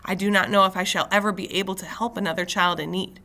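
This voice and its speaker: A woman's voice: medium pitch, fairly even intonation, quick pace, bright, forceful tone. A woman voicing a stern, haughty foster mother who speaks in formal, lofty sentences, as a book is read aloud. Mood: scolding.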